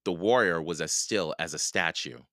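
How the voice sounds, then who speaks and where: A man reading a children's storybook aloud in a slow, expressive way. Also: deep voice, dry recording, studio quality. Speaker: reader.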